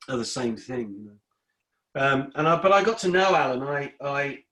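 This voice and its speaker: A middle-aged man with a bright, clear-edged voice, chatting as an interview guest. He rambles and stumbles over repeated words before finishing a thought. His pitch sits around the usual for a man. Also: animated, moderate pace. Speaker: guest musician. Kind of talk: casual interview chat.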